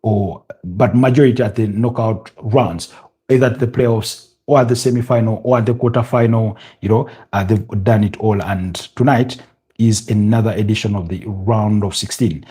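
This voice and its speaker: A man's voice: fairly low pitch, moderate pace, husky. Ugandan man hosting a football watch-along. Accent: Ugandan English. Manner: many fillers and restarts, rising excitement at goals. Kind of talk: live match commentary and chat.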